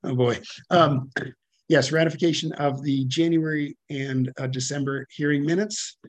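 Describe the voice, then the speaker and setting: A man chairing a public commission hearing, halting and full of fillers and self-corrections, speaking over a video call. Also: fairly high pitch, steady tone, no echo.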